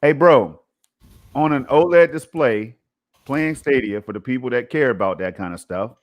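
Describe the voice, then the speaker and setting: A man co-hosting a casual gaming podcast, talking emphatically in a conversational way and often tossing in "man" and "you know". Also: mid-range voice. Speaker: podcast co-host.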